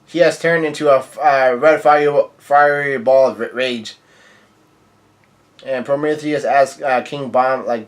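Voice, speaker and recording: A man's voice: mid-range voice, steady tone, unhurried. A man casually recapping a comic chapter, rambling with many fillers and restarts. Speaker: manga reviewer.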